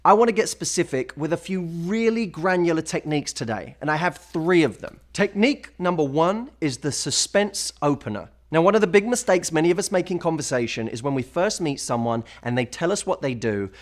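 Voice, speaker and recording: A man's voice: on the high side, lively intonation, a little fast, hardly any pauses. A man presenting dating and conversation advice in a polished, upbeat way, acting out sample lines. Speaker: dating coach in a played video.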